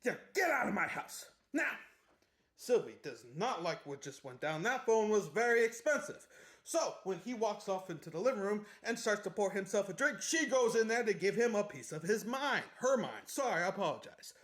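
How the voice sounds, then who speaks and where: A man's voice: high voice, sing-song, moderate pace, a bit bright. A man giving a casual, joking book recap with chatty asides. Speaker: book summary host.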